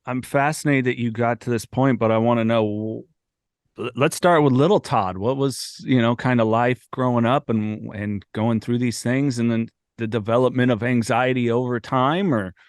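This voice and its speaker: A man hosting a podcast interview, asking questions in a relaxed, curious way and laughing at himself. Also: medium pitch, normal speed, clean tone, dry recording, clean studio sound. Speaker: podcast host. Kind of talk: conversational interview.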